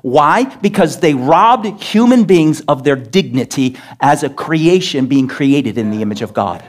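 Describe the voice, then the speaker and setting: A pastor delivering an emphatic sermon in a church, scolding and asking rhetorical questions. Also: male voice, on the high side, lively intonation, measured pace. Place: church sanctuary.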